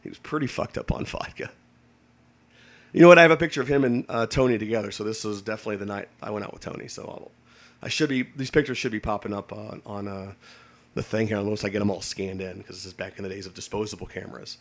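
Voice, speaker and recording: Rambling navy veteran telling stories. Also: male voice, fairly low pitch, quick pace. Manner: rambling, many restarts and fillers, swears freely. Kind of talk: casual storytelling.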